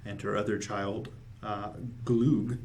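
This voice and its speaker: A man narrating as dungeon master of a tabletop game, halting with many fillers and restarts. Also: on the low side, steady tone, darkish tone, a little hiss or hum.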